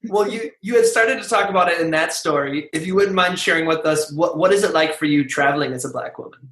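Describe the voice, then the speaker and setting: A man's voice: fairly high pitch, fast, fairly bright tone, echoey room. A man hosting an interview, speaking in brief, encouraging replies. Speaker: podcast host.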